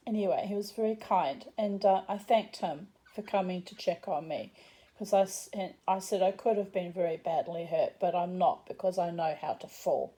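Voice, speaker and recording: A woman's voice: medium pitch, measured pace, warm tone, rough recording. A middle-aged woman telling a personal story in a rambling way, correcting herself and adding wry asides.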